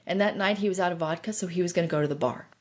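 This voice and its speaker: A woman's voice: on the low side, very fast, a little mellow. A middle-aged woman telling her own story on a podcast, earnest and intense as she relives it. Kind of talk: personal recovery story podcast.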